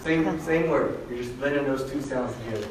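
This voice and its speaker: A man's voice: mid-range voice, fairly quick. A man teaching a language class, joking casually and leading the students through pronunciation drills. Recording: echoey classroom from far off with background noise.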